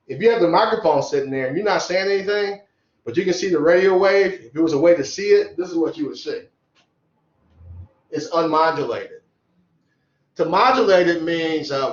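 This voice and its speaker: A man gives a casual electronics lecture, talking loosely and sketching as he goes. His voice sits a little high for a man. The sound is roomy and dull, like a lo-fi classroom recording. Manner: loose, conversational, drawing as he explains. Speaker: electronics instructor.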